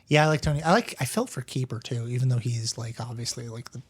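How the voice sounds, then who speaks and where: A man's voice: medium pitch, fast talker, slightly rough. A man co-hosting a book podcast, talking casually with frequent restarts and the odd swear. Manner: casual, hesitant, lots of fillers and restarts, swears. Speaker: podcast co-host.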